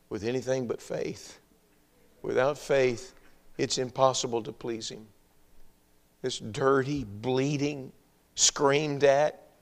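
A man preaching a sermon in an emphatic, repetitive style, firing rhetorical questions and dropping humorous asides. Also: mid-range voice. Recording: long hall reverb.

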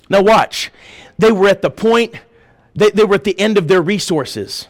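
A man preaching a fiery sermon in church, swinging from loud shouted lines down to hushed ones. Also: high voice, moderate pace. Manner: preaching with rising shouts and sudden drops to a hush. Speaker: pastor.

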